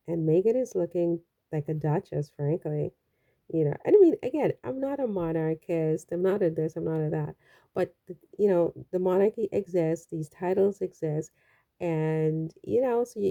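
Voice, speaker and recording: A woman's voice: on the low side, vocal fry, mellow. A woman from the Caribbean giving casual, chatty and rambling commentary on a vlog, with frequent exclamations. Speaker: royal news vlogger.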